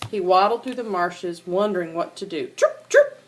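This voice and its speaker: An older woman, a grandmother, reading a children's animal storybook aloud to her grandchildren with an animated, sing-song manner. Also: lowish voice, normal speed, slight background noise.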